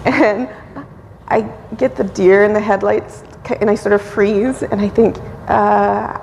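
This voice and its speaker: A woman missionary in her forties addressing a church and praying, tearful and emotional, often pausing with fillers. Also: mid-range voice, fairly even intonation, creaky, darkish tone, in a large hall, slight background noise, rough recording. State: crying. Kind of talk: church talk and prayer. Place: church sanctuary.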